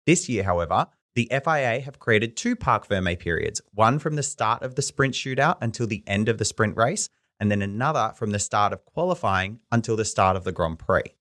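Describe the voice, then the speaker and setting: A man co-hosting a motorsport podcast, reading an explainer in a measured, informative way. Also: lowish voice, animated, a bit bright. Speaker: podcast co-host. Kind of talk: scripted explainer read.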